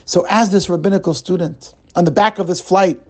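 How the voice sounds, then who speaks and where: A man's voice: high-pitched, steady tone, brisk, a little mellow. A man telling a story as a sermon, dramatic and addressing his listeners as friends. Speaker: rabbi telling a weekly story.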